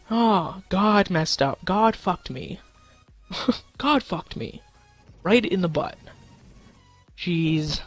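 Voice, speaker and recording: A man's voice: sits high, animated, drawn-out words, pauses often, faint music behind. A young man in casual live-stream commentary, goofy and crude, talking to himself and his chat with sudden silly outbursts. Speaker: gaming streamer.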